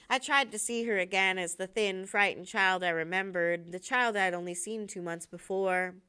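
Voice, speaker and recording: A woman teacher reading a novel aloud to her students with steady, expressive storytelling. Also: lowish voice, normal speed, hardly any pauses, clean tone.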